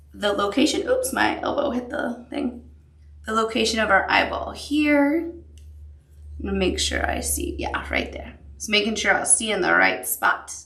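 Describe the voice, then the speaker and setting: A woman's voice: on the high side, vocal fry, a bit bright, reverberant. A woman teaching a sewing machine appliqué tutorial, upbeat and encouraging as she talks the viewer through each step. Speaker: quilting instructor.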